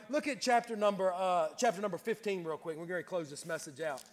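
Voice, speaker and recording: A man's voice: high-pitched, fast, hardly any pauses. A man preaching a sermon, telling folksy family stories with jokes and often repeating his words as he builds his point. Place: church sanctuary. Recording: long reverb of a church hall.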